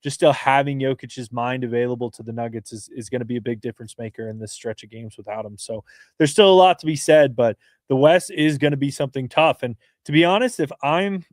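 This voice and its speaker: A man in the middle of his range talks sports in a casual podcast chat, earnest and quick, with little room sound around him. He restarts phrases often as he builds his points. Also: mid-range voice, no room sound, studio quality. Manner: earnest, fast-flowing analysis with many restarts.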